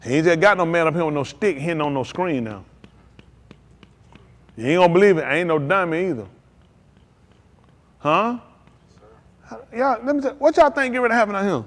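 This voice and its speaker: In a high, expressive voice, a man preaches to his congregation over a live stream, often pausing between lines. As their pastor, he keeps at a normal pace while pounding out short, forceful declarations again and again.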